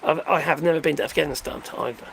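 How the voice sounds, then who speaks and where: A man's voice: fairly high pitch, fast talker, vocal fry, a bit bright, slight background noise. An older man casually chatting on a livestream, rambling and joking as he answers viewer comments. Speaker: livestream host reading chat. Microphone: phone.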